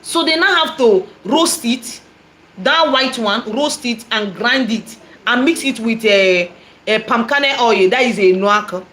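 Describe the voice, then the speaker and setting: A Nigerian-accented prophetess tells her testimony at a measured pace in a fairly high voice. The storytelling is animated and repetitive, sprinkled with Igbo phrases.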